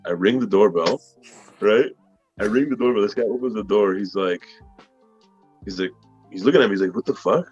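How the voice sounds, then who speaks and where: A man who is a guest reseller, telling animated, profane stories in a casual chat and acting out quotes loudly. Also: on the low side, normal speed, pauses often, breathy edge, lo-fi sound, faint music behind.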